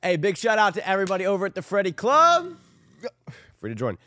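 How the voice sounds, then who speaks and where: A man's voice: high voice, wildly swooping pitch, quick pace, bright, forceful tone, no room sound, studio quality. A young man co-hosting a casual game show podcast, playful and teasing, laughing often. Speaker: co-host running the games.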